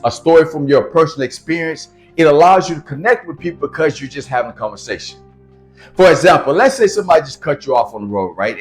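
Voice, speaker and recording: A man coaching storytelling in casual talk to camera, speaking plainly in an urban American street dialect. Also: fairly high pitch.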